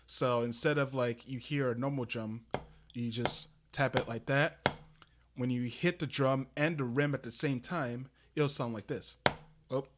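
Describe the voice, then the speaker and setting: A man talks slowly through a casual drum lesson on a live stream, stopping and restarting as he explains each step. His voice sits at an ordinary middle pitch. Steady background noise and clicks run under his voice from the stream mic. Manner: halting, with many fillers and restarts, explaining step by step. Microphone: desk microphone that peaks on loud drum hits.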